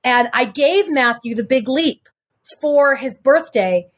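A woman's voice: high-pitched, animated. A middle-aged woman, a podcast guest, talking effusively and rambling, a little stuffy from having cried. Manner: effusive, rambling, quick bursts of speech. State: stuffy nose from crying. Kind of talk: casual interview chat.

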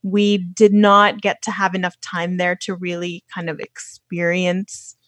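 A woman's voice: fairly low pitch, completely flat delivery, unhurried, a bit bright, no room sound. A woman talking as a podcast guest in a loose, chatty way, full of fillers. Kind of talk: casual interview chat.

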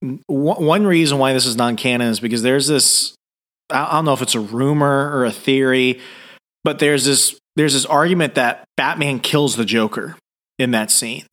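A man's voice: medium pitch, moderate pace, a bit bright. A man co-hosting a podcast, discussing a comic book in a thoughtful, hesitant way with many restarts. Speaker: podcast co-host.

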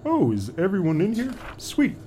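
An actor playing a cheerful Canadian ex-soldier and painter, upbeat and eager. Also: male voice, high voice, huge pitch swings, moderate pace, noisy background. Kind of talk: audio comedy drama acting.

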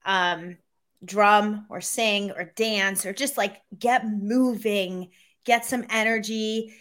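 A woman sales coach, a guest in an interview, telling stories and giving advice in a lively, conversational way. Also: mid-range voice, slow pace. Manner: animated storyteller, acts out quoted voices.

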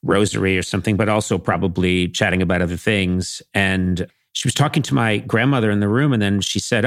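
A middle-aged man from Massachusetts, a podcast guest telling comic stories with animated, playful swings into character voices. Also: fairly low pitch, brisk, few pauses, no echo, studio quality. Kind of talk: comic storytelling.

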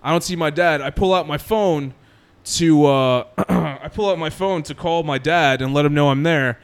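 Smooth-voiced man telling a story. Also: a little high, normal speed. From New Jersey. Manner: animated storyteller, acts out quotes, laughs often. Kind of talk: casual storytelling chat.

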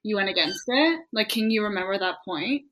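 A woman's voice: medium pitch, animated, fairly quick, fairly bright tone, slight background noise, rough recording. A woman co-hosting a casual chat, listening closely and asking reflective follow-up questions. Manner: attentive, asks reflective questions. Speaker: podcast co-host.

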